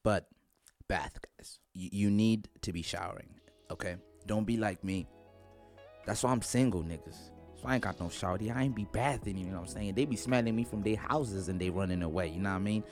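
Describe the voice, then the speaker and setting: A man's voice: lowish voice, fast talker, a little mellow, soft background music. A young man vlogging from his bedroom into a studio microphone, joking and rambling in slang with lots of fillers. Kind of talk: casual rambling vlog.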